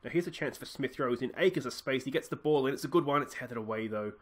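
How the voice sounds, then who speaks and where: A young Australian man casually commentating his own football management game, thinking aloud and breaking into excited shouts at goals. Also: medium pitch, fast. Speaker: let's play host.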